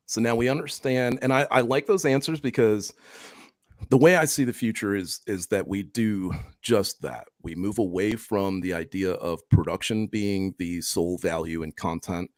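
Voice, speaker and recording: A man co-hosting a podcast discussion, talking in an animated, conversational way and tagging his points with quick questions. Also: low-pitched, no echo, clean studio sound. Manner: animated, conversational, drops in "right?" tags. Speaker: co-host.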